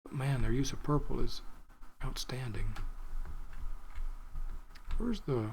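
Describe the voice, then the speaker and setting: A man's voice: medium pitch, slow pace, gravelly, darkish tone, slight background noise. Man rambling over a game. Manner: chatty, thinks aloud, digresses. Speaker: gaming video creator. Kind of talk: rambling let's-play commentary.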